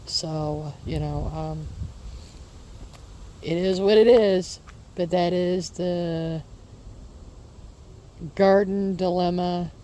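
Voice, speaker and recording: A woman's voice: on the low side, fairly even intonation, drawn-out words, pauses often, mellow. A woman chatting casually in her vlog, rambling and repeating her reassurances, recorded outdoors in a garden. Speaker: homesteading vlogger.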